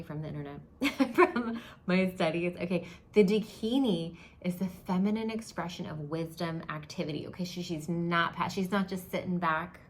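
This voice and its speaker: A woman's voice: lowish voice, slight background noise. A young woman giving a casual spoken teaching to camera as a spiritual teacher, chatty, restarting often and laughing at herself.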